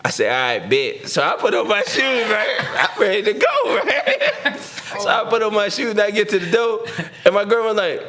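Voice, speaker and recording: A man's voice: high-pitched, moderate pace. A middle-aged man, telling a story casually as a podcast guest and acting out the voices of the people in it. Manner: animated, slangy, acts out voices in his story. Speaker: podcast guest, former pro football receiver.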